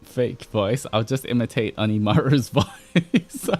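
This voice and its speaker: A man's voice: mid-range voice, animated, slow, darkish tone, faint music behind. A man with an Australian accent chatting casually with viewers on a stream, playful and laughing often.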